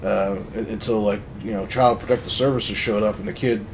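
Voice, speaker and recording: A man's voice: on the low side, fairly even intonation, fairly quick, a little hiss or hum. A man telling a story in loose, profane casual chat, full of fillers.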